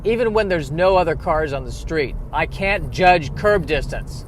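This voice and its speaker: A man with a slightly high voice rambles through a self-mocking comic monologue, riffing with mounting exasperation. He talks outdoors near a street, and faint traffic hums behind him. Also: expressive, normal speed, hardly any pauses. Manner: self-deprecating, riffs with rising exasperation. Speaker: vlogger.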